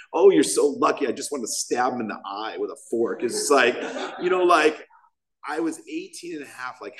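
A man's voice: medium pitch, fairly bright tone. Man, thirties, casual rambling storyteller, self-deprecating humor, speaking at a podium mic. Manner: rambling, self-mocking storytelling with many fillers. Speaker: recovery meeting speaker. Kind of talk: personal story at a recovery meeting. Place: meeting hall. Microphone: podium microphone.

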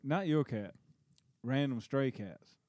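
A man's voice: medium pitch, expressive, slow, darkish tone, dry recording. A man in casual chat, blunt and joking.

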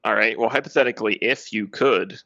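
A man's voice: on the low side, brisk, vocal fry, pushed and bright, no echo. A man co-hosting a casual podcast chat, curious and easily amused. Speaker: podcast co-host. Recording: dull lo-fi sound.

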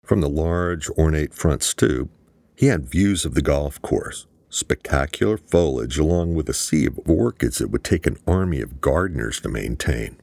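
A man reading an audiobook as narrator in a steady, matter-of-fact way. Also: rumbling low, moderate pace, gravelly, dry recording. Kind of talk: scripted narration.

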